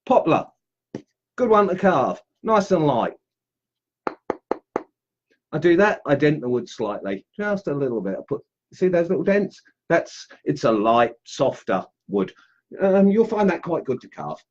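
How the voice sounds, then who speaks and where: A man's voice: on the high side, big pitch swings, unhurried, long pauses, dull audio, a little hiss or hum. A man demonstrating woodcarving on a live stream, chatting casually and greeting viewers as he works. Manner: chatty and upbeat, greets viewers while carving.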